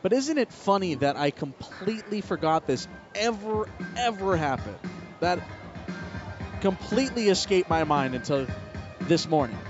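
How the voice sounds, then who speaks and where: A man calling a baseball game play by play, telling a relaxed personal story between the calls. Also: high voice, normal speed, music in the background. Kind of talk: live baseball commentary mixed with personal storytelling. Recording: slightly muffled broadcast audio with faint ballpark ambience.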